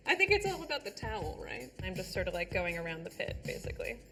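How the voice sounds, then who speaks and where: A woman's voice: mid-range voice, big pitch swings, fast talker, loud music behind the voice. A woman narrating her own steps in a casual, chatty cooking demonstration.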